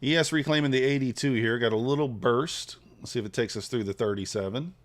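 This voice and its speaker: A man's voice: medium pitch, fast talker. A man trading live on a stream, thinking aloud in a laid-back, casual way and chatting with his viewers. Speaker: futures trader streaming live.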